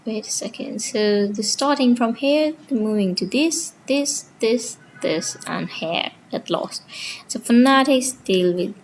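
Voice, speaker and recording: A woman's voice: fairly high pitch, unhurried, a little hiss or hum, low-quality recording. A woman teaching linguistics in a casual lecture, walking through her slides point by point, with small grammar slips.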